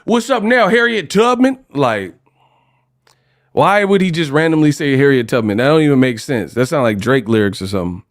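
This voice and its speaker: A man from California hosting a livestream, ranting casually in an animated, slangy, joking way. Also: medium pitch, a little fast. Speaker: host.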